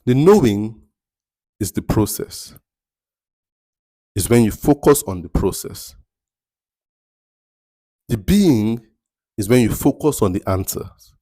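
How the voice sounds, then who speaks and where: A man's voice: fairly low pitch, expressive, takes it slowly, long pauses, dark tone, dry recording. A man giving a motivational talk as a mentor, emphatic and rhetorical, repeating his key phrases. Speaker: mentor giving life advice.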